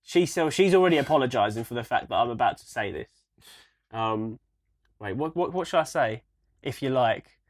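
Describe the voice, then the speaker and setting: A man's voice: mid-range voice, normal speed, dry recording. Young male co-host, rambling, sweary, mid voice, dry close mic. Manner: swears freely, rambling and excitable. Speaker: podcast co-host. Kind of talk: casual livestream chat.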